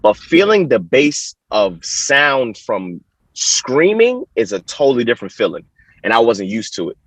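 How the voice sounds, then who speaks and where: A man's voice: mid-range voice, sing-song, measured pace, a bit bright, no room sound, low-quality recording. A young man from Haiti with an American accent, a sports guest telling stories in a casual podcast chat, laughing often and restarting his sentences. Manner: chatty storytelling with frequent laughs and restarts. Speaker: Olympic hurdler, guest.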